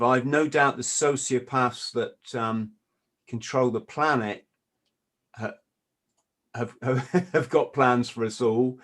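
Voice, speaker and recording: Guy hosting a podcast, keeps stuttering and restarting, sarcastic little asides. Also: mid-range voice. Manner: stammers and restarts, sardonic asides. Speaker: podcast host. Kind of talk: casual podcast discussion.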